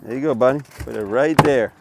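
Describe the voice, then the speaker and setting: A man filming his fishing trip on a small boat far offshore, talking casually and exclaiming loudly over each catch. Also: mid-range voice, fairly quick, gravelly, slight background noise. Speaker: fishing vlogger. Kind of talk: excited casual commentary.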